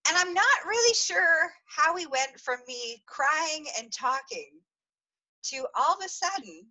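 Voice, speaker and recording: A woman's voice: sits high, expressive, a little slow, bright, forceful tone, low-quality recording. A woman hosting a podcast, telling a personal story in a confessional way, giggling and acting out dramatic moments. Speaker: podcast host.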